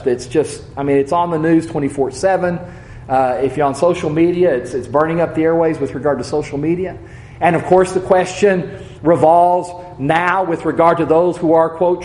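A man preaching a Bible lesson in a roomy, echoing space, his voice sitting a little high for a man. He talks in an earnest, measured way, leaning slowly on key words and letting his points fall quiet at their ends. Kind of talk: sermon.

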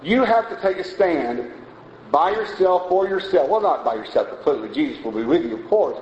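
Folksy preacher in a roomy hall. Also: male voice, a little high, a little mellow. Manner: folksy, conversational preaching with asides and chuckles. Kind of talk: sermon. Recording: roomy, dull lo-fi sound with faint noise.

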